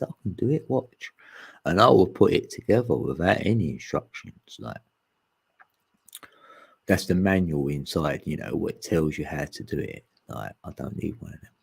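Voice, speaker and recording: Deep gravelly laid-back man. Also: animated, moderate pace. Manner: laid-back, laughs often, slangy, acts out quoted voices. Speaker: podcast host. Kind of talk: casual spiritual chat.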